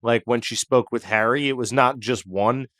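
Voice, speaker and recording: A man's voice: mid-range voice, steady tone, normal speed, fairly bright tone, dry recording, clean studio sound. A man co-hosting a comedy history podcast, telling the story in a rambling, jokey way with asides. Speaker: podcast co-host.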